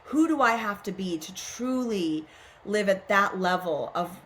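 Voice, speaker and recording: A middle-aged woman speaks as a podcast guest, earnest and reflective. She muses aloud in a voice of ordinary, middle pitch, posing questions to herself as she goes. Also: animated, measured pace, fairly bright tone. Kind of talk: reflective spiritual conversation.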